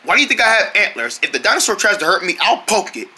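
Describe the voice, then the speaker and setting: These are eager young deer friends in a homemade cartoon, all voiced by one performer. The voices swing wildly up and down in pitch and stay bright and sharp. The performer hops between several playful characters. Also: big pitch swings, quick pace. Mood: excited.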